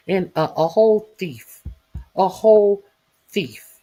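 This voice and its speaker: Slow, profane livestream commentator. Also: mid-range voice, mellow. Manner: profane, taunting, heavy "uh" fillers. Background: reading chat comments.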